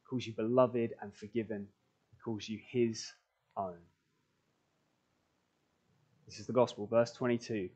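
A man's voice: medium pitch, darkish tone. A man preaches to a church congregation in an earnest voice. He leans on repeated phrases to build each point. The sound is dull and lo-fi. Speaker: pastor. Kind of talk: sermon. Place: church, recorded for online stream.

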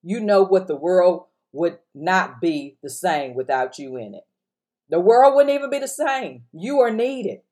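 A woman's voice: lowish voice, expressive, unhurried, warm tone. A woman pastor preaching on a podcast, urging listeners to respond and repeating lines for emphasis. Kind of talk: sermon-style podcast teaching.

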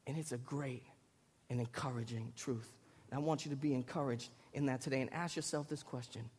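A man in his thirties with a Lynn, Massachusetts accent, preaching a sermon and telling stories animatedly, getting loud at times. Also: medium pitch, a little fast, husky. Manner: animated storytelling, rising to loud bursts. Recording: long hall reverb.

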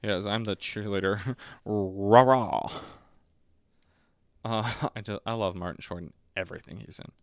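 Rambling young man with a clear, dry voice. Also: steady tone, brisk, fairly bright tone, no echo. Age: 20s. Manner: rambling and self-mocking, often breaks into squeaky high put-on voices. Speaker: podcast host reviewing a movie. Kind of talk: casual rambling commentary.

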